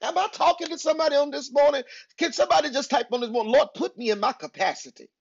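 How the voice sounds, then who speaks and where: A man pastor preaching a sermon to an online congregation, emphatic and repetitive, calling out to listeners and swinging from loud bursts to hushed asides. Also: extremely high pitch, quick pace, creaky, muffled recording.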